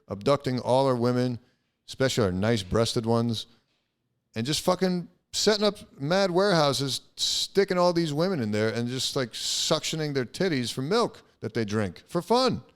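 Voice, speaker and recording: A man's voice: mid-range voice, big pitch swings, moderate pace, smooth. A young man hosting a casual solo podcast, rambling and swearing with lots of fillers. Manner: rambling, profane, frequent fillers. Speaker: podcast host.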